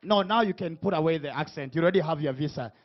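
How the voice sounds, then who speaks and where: A man hosting a comedy talk show, teasing guests and shouting hype lines to the live crowd. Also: on the high side, fast talker, muffled recording. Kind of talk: comic stage hosting before a live audience.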